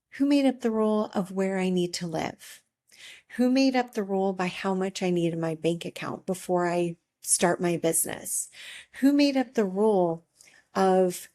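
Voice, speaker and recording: A middle-aged woman life coach giving a reflective motivational talk, speaking gently and encouragingly with long pauses. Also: medium pitch.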